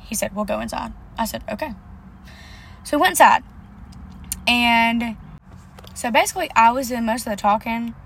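A young woman with a voice a little higher than most, telling a casual storytime vlog. She talks bluntly and with indignation, swears freely, and acts out the back-and-forth between herself and others. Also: fairly bright tone, slight background noise. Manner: blunt, profane, indignant storytelling with quoted dialogue.

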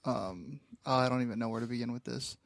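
A laid-back male podcast co-host chatting about films and chuckling along. His voice sits at an average pitch. The recording is dry, with no room sound. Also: fast, gravelly, no room sound. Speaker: podcast co-host, film critic. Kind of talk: casual chat.

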